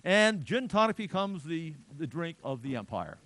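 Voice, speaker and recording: A man's voice: on the high side, big pitch swings, normal speed, fairly bright tone, no echo. A middle-aged man giving a public lecture in a chatty, digressive way with joking asides.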